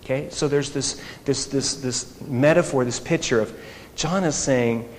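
A man preaching a sermon in an animated, conversational way, full of rhetorical questions. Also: medium pitch, measured pace. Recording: echoey hall, faint noise.

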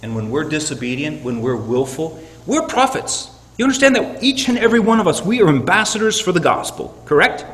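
A man's voice: on the high side, very animated, a little fast, few pauses. Man preaching in an echoey hall. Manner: dynamic preaching, swinging from loud emphatic peaks to hushed tones. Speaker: pastor. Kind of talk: sermon. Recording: echoey hall with long reverb.

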